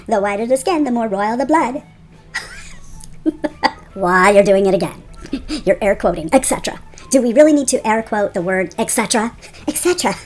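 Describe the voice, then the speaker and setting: A woman's voice: a little high, darkish tone. Laughing woman vlogger joking through her makeup, faint music underneath. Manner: giggly, joking, self-teasing. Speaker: beauty vlogger. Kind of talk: casual makeup vlog.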